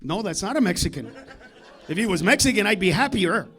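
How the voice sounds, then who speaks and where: High-pitched, profane stand-up comedian. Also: male voice, sing-song, a little fast, slightly rough. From United States. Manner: loud, profane, swings between shouting and muttering asides. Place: comedy club stage.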